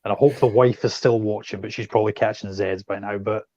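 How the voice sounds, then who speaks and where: A man's voice: lowish voice, fairly even intonation, fast talker, a little mellow, dry recording, dull audio. A man with a Scottish accent hosting a casual chat, teasing and joking with his guests. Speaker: host.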